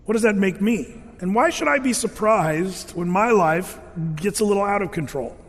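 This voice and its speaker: A man preaching a sermon, telling Bible stories in a lively way, acting out quotes and adding sound effects. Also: high voice, normal speed, big-room sound. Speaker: pastor.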